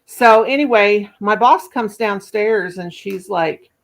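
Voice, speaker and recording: Woman host in her fifties, folksy storyteller, relaxed chatty delivery. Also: medium pitch, slow pace, vocal fry. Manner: chatty, folksy, uses endearments like baby doll and sugar. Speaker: channel host. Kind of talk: casual storytelling on a livestream.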